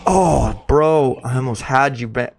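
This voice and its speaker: A young man streaming a shooter game live, chatting excitedly with viewers and calling them bro. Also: medium pitch, measured pace, vocal fry, a little hiss or hum. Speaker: gaming streamer. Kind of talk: live gameplay commentary.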